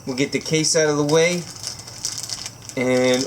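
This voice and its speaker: A man unboxing a knife for his vlog, gushing and giggling, so excited he says it makes him emotional. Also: a little high, a little slow, a little hiss or hum. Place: indoors at home by candlelight.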